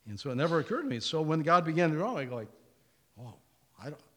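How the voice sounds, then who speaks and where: An older man preaching a sermon as pastor, telling stories and acting out the dialogue in them. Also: racing. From Indiana, USA. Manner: storytelling, acts out dialogue, lively pitch.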